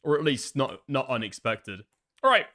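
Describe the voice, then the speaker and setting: A man's voice: mid-range voice, very animated, moderate pace, sharp tone, no echo, clean studio sound. Rambling male streamer thinking aloud. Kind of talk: casual live-stream commentary.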